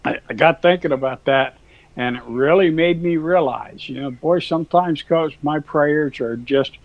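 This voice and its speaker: A man's voice: on the high side, normal speed, no echo, highs cut off. A man, a cattle rancher, telling a rambling farm story in a folksy, chuckling manner. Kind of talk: casual storytelling.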